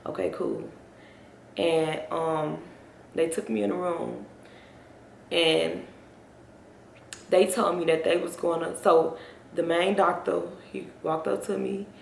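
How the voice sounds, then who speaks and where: A woman's voice: lowish voice, steady tone, slow, creaky, pauses often, slight background noise. A young woman telling a personal story on her vlog, rambling and talking straight to her viewers. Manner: rambling, addresses viewers directly. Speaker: vlogger. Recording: roomy echo.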